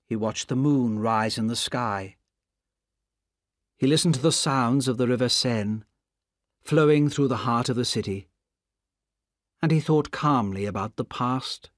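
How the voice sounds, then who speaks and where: A man reads a story aloud slowly and deliberately, and his pitch moves a lot. The sound is dry and close. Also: no room sound. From Indonesia. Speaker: narrator.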